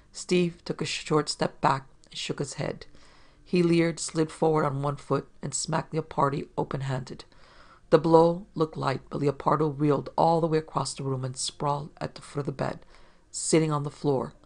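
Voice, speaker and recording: Male narrator, detective story reading, gravelly, steady and measured. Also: fairly high pitch.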